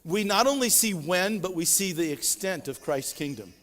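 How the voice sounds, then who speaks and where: A male pastor preaching a sermon, with emphatic swells and sudden quiet drops. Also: sits high, expressive, normal speed, long reverb tail. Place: church sanctuary.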